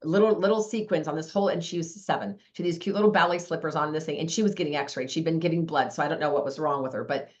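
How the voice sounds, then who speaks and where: Woman host, fast and chatty storyteller, lower voice, slightly dull lo-fi sound. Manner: chatty storyteller acting out dialogue. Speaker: meeting host. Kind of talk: casual group sharing.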